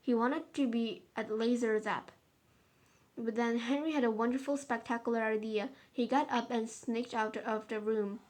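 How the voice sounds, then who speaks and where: A woman's voice: fairly high pitch, fairly even intonation, moderate pace, a little mellow. A woman reading a children's story aloud carefully, with small stumbles and restarts.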